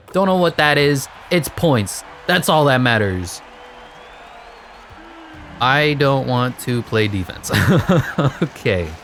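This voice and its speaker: Guy doing slow sarcastic game commentary, voice swings all over, bit of hum behind. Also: fairly bright tone. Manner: sarcastic, exasperated, yelps up high in outbursts. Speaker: gaming commentator. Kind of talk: live gameplay commentary.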